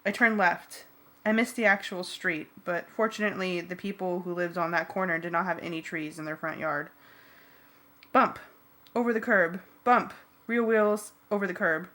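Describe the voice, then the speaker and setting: A woman reading an adventure novel aloud in first person, lively and wry. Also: lowish voice, moderate pace. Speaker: audiobook reader. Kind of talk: first-person audiobook narration.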